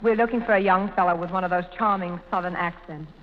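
A woman's voice: fairly low pitch, fairly even intonation, fast. A woman guesting as a film actress in a 1940s radio comedy, flirty and teasing. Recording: lo-fi old radio broadcast with reverb.

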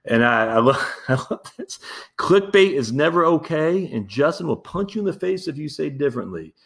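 Hosting his own podcast, a man offers casual, candid solo commentary, full of fillers and restarts, laughing easily and calling his listeners his friends. His voice sits on the high side, creaky yet fairly bright, very animated at a normal speed.

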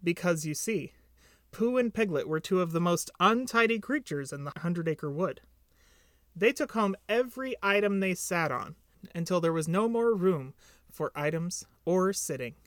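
Male podcast reader, gentle storybook narration, dry close sound. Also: sits high, expressive, moderate pace, no room sound. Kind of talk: storybook reading.

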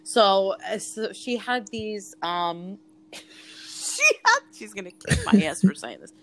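A woman's voice: medium pitch, takes it slowly. A woman in her forties, talking as an interview guest and telling personal stories in a candid, frank way, swearing freely and laughing often. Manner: candid, frank and profane, with frequent laughs and fillers. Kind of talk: casual interview storytelling.

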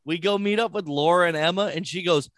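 A man's voice: high-pitched, fast talker, fairly bright tone, no room sound, studio quality. A man chatting casually and telling a story with plenty of swearing. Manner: storytelling with profanity. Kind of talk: casual chat.

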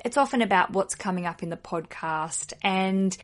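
A woman's voice: mid-range voice, moderate pace. An Australian woman hosting a podcast, chatting casually in a playful, self-deprecating way. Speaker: podcast host. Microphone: podcast microphone.

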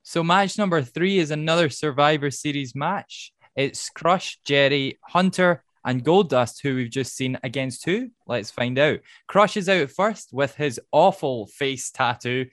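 A man hosting a casual podcast, recapping with wry asides and quick laughs. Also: a little high, fairly bright tone, dry recording, clean studio sound. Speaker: podcast host.

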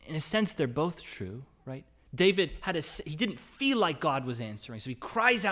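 A man's voice: a little high, sing-song, moderate pace, hardly any pauses, a bit bright. A man preaching a sermon in a conversational way, reading scripture aloud and asking questions of his listeners. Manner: reads scripture aloud, rising to emphatic cries. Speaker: pastor.

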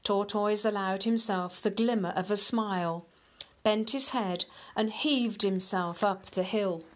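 A woman with a mid-range voice reads a children's story aloud, gentle and unhurried, speaking directly to the kids.

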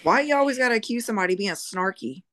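A woman's voice: a little high, expressive, fairly bright tone, dry recording. Supportive woman co-host, dry sound. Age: late 30s. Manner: supportive, quick reactions and laughter. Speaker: podcast co-host. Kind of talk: casual chat.

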